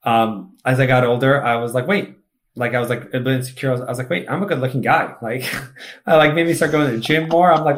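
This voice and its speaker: A man's voice: medium pitch, steady tone, brisk. Chatty man, filler-heavy casual talk. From Egypt. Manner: chatty, peppered with "like", upbeat and self-assured. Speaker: podcast guest, student mentor. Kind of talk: casual conversation.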